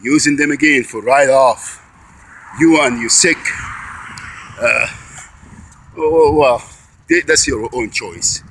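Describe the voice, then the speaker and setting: A breathless vlogger walks his bike uphill outdoors, delivering an angry, accusing monologue full of restarts and repeated words. His medium-pitched, slightly bright voice moves slowly with frequent pauses. The recording is rough, with slight background noise.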